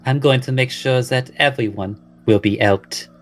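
A woman voicing a stern female cat-folk mentor who speaks in a severe, measured way. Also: very deep voice.

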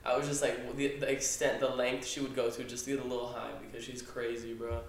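A young man co-hosting a podcast, talking fast and excitably and dropping "bro" into almost every sentence. He swears freely, and the room gives his voice a noticeable echo. His pitch sits in an ordinary middle range. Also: a little hiss or hum. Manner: excitable, swears a lot, says "bro" constantly. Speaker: podcast co-host. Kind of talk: casual chat. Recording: echoey room.

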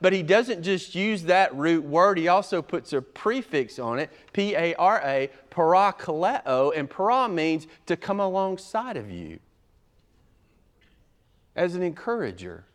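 A pastor preaching an expository sermon, methodical and emphatic, his loudness rising and falling sharply as he drives points home. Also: on the high side, big pitch swings, unhurried.

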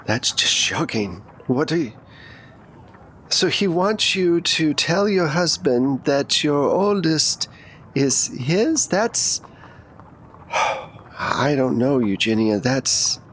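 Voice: medium pitch, sing-song, slow, a bit bright, slight background noise. A game master voicing a gracious, slightly forgetful older society lady who fusses over her guest. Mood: concerned. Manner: genteel, fussing over guests. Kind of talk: in-character role-play.

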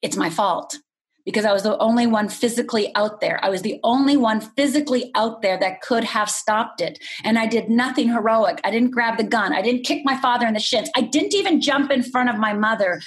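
A woman's voice: a little high, fairly quick. Candid middle-aged woman telling her story. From Upper Michigan, USA. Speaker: podcast guest. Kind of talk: personal storytelling.

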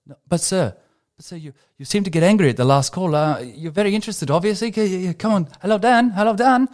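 A man mimicking a pushy, wheedling male scam telemarketer in a high, whiny voice. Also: fast, a little mellow, natural voice.

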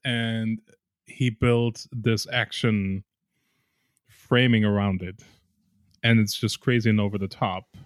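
A man's voice: lowish voice, slow pace, pauses often, smooth, no echo, studio quality. Wry man co-hosting a movie podcast. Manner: animated, stammering repeats, wry. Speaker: podcast co-host. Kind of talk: casual movie review chat.

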